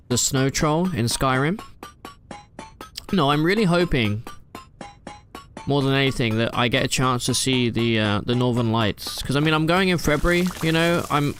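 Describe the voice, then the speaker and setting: A man chatting casually while streaming a game live from his room at home, rambling and answering chat with plenty of fillers. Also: medium pitch.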